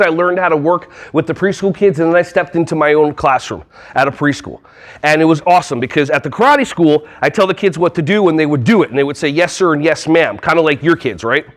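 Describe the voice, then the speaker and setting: A man giving a lively, jokey talk at a conference hall on a wireless mic, often acting out little voices. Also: high voice. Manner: playful, jokey, acts out voices. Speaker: conference speaker. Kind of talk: energetic live workshop talk.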